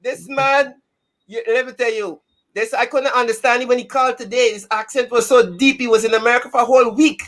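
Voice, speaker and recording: A man's voice: extremely high pitch, steady tone, a little fast, fairly bright tone. A man hosting a casual live-stream talk show, chatting and greeting viewers by name.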